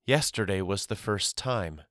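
A man reading the part of a grieving mother in an audiobook, speaking in a quiet, measured way that turns sharp when she gives orders. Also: fairly low pitch, lively intonation, dry recording, studio quality. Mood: somber. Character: grieving adult mother, sorrowful and guarded.

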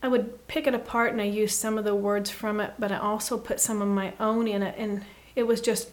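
A woman guest giving an earnest, reflective faith talk, often dropping to a soft hush. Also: mid-range voice, flat delivery, a little fast, hardly any pauses. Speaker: podcast guest.

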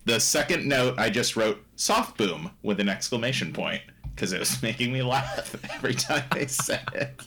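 Rambling laughing man, lively pitch. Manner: rambling, laughs often, halting restarts. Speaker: podcast co-host reviewing a movie. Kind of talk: casual chat.

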